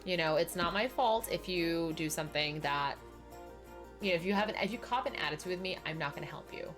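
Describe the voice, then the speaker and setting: A young woman chatting casually on a game stream, telling lively stories and acting out the people in them. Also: a little fast, soft background music. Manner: chatty storyteller, acts out quoted people with big pitch jumps. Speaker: streamer chatting while playing.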